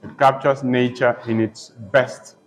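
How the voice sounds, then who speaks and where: A man's voice: medium pitch, fairly even intonation, measured pace, poor audio. A man teaching a poetry lesson, repeating each term several times and spelling words out letter by letter. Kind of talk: slow poetry lesson with dictation.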